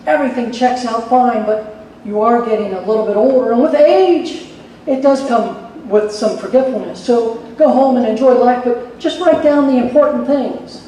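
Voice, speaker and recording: A man voicing a calm doctor who gives advice in a matter-of-fact way. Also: extremely high pitch, moderate pace, a little hiss or hum. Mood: reassuring. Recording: echoey hall from far off.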